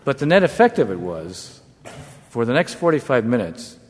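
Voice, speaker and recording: A man, a former negotiator, telling a wry anecdote to an audience in a measured way. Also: mid-range voice, sing-song. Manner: measured, wry storytelling with brief chuckles. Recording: long hall reverb.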